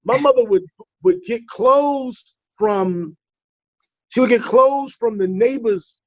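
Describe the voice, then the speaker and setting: A man's voice: very high voice, takes it slowly, dry recording, dull audio. A man from the Bronx, a comedian telling playful, teasing stories in a casual interview. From the Bronx, New York. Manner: animated storyteller, playful teasing. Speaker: comedian guest.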